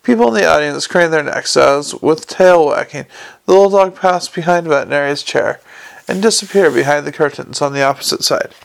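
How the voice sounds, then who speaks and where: A man narrating a comic fantasy audiobook in a lively, expressive reading. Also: on the high side, brisk, creaky. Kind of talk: scripted narration.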